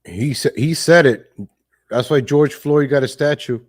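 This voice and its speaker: A man's voice: a little high, measured pace. A man hosting a live stream, giving blunt, casual political commentary with cursing and frequent laughs. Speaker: livestream host.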